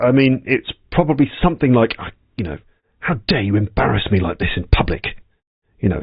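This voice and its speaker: A man teaching English, explaining the words of a story slowly and patiently, repeating them as he goes. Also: medium pitch, no echo, lo-fi sound. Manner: slow, patient explanations with repetition.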